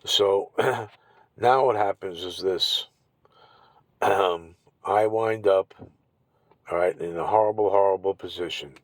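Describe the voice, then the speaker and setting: A man telling his own story to camera, angry and profane, often clearing his throat and repeating himself. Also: sits low, takes it slowly, long pauses, no echo, low-quality recording. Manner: bitter and indignant. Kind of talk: angry personal account to camera.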